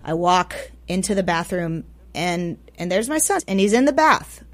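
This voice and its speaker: A woman telling a personal story as a radio guest, swinging between loud and hushed, often repeating words for emphasis. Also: fairly low pitch, very animated, moderate pace. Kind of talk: personal story told aloud. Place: radio studio.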